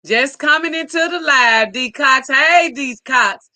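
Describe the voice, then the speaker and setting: A woman's voice: high-pitched, a little slow, sharp tone, dry recording. A woman hosting a casual live stream, reading viewer comments aloud in an upbeat, effusive way.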